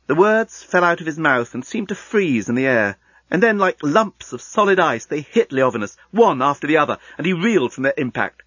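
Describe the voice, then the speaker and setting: Male audiobook narrator, husky and expressive; dry, slightly lo-fi. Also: a little fast, no room sound. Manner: expressive storytelling with wide swings in pitch. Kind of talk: scripted narration.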